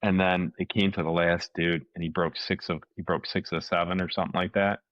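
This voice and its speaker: A man's voice: low-pitched, level tone, a little fast, dry recording, dull audio. A man co-hosting a podcast, telling a story casually and acting out the quotes, with many restarts. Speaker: podcast co-host.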